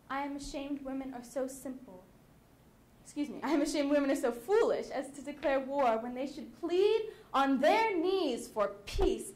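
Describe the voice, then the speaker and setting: A teenage girl performing Katherine's Shakespeare monologue, slow and declamatory, lecturing wives. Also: high-pitched, a little hiss or hum. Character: Katherine, a defiant young woman lecturing wives. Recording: echoey hall.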